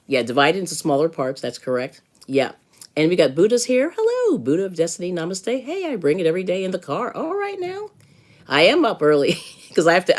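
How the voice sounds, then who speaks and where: A middle-aged woman hosting a live stream, casually chatting with viewers and giving advice, laughing often. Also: deep voice. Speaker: livestream host.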